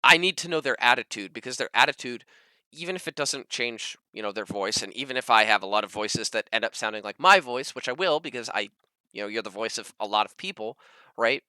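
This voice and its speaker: Casual co-host, male, bright and clear, emphatic, dry close mic. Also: a little fast, dry recording. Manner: animated, emphatic, lively pitch jumps. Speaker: podcast co-host, dungeon master. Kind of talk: casual panel chat.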